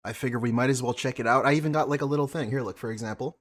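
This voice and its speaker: A man's voice: medium pitch, racing. Sarcastic man streaming a reaction. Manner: offhand, sarcastic, swears freely. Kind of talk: casual live-stream commentary.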